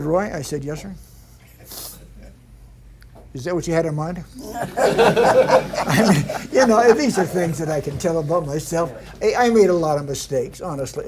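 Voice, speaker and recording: An older man, a veteran stunt performer, telling lively anecdotes and acting out other people's lines, with frequent laughter. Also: on the high side, a little hiss or hum. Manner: animated yarn-spinner, mimics others in quotes, laughs often. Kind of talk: anecdotal storytelling.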